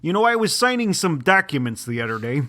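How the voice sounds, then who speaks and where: A man's voice: on the high side, very animated, fast talker, sharp tone. A man co-hosting a podcast in casual chat, teasing and sarcastic, on a table microphone. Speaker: podcast co-host.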